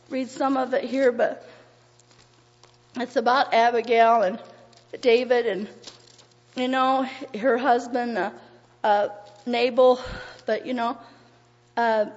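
A woman preacher with a high voice gives an earnest, folksy sermon, reading scripture aloud in an old-fashioned cadence. The recording is dull and lo-fi, and a long reverb from a large hall trails after each phrase.

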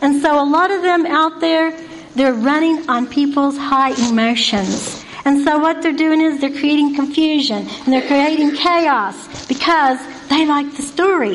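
A woman's voice: sits high, a little slow, a little hiss or hum, poor audio. A woman giving an informal Christian devotional talk, earnest and folksy, asking one rhetorical question after another. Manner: folksy and repetitive.

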